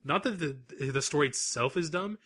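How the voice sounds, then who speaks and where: A man's voice: fairly high pitch, lively intonation, a little fast, fairly bright tone, breathy edge. A man co-hosting a podcast, chatting casually and giving blunt, dismissive opinions. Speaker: podcast co-host. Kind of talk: casual chat.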